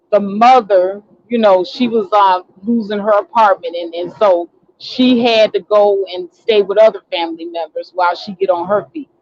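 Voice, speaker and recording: Indignant woman ranting in a lo-fi recording. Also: mid-range voice. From Chicago. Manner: indignant, ranting storyteller who acts out quotes. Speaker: online talk show host. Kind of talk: casual storytelling monologue.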